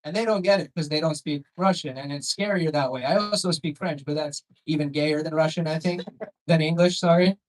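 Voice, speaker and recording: A man doing a stand-up comedy set on a comedy club stage, brash and crude, with animated delivery. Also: a little high, brisk, a little hiss or hum, rough recording. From Canada.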